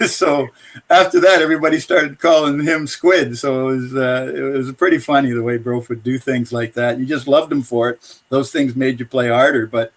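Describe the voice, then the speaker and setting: A man's voice: mid-range voice, normal speed. An older man, a former pro hockey player and coach, telling casual anecdotes and chuckling between them. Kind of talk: casual storytelling.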